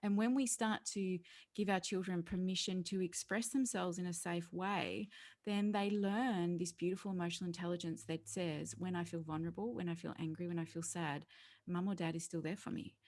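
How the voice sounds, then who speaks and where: A woman's voice: on the low side, steady tone, brisk, darkish tone. A woman, a parenting educator talking earnestly as an interview guest and telling stories. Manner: earnest, storytelling, laughs often; acts out quoted voices. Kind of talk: conversational interview.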